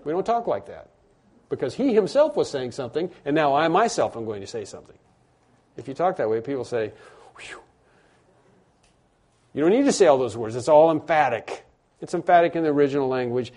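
An emphatic male pastor preaching, his voice a little higher than most men's. He drops to near-hushed asides and then rises loud, stretching out the key phrases. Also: expressive, normal speed. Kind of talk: sermon.

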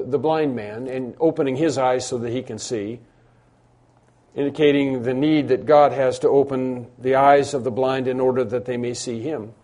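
Mellow-voiced man preaching a sermon. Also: mid-range voice. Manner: emphatic preaching with repeated phrases and restarts. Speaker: pastor.

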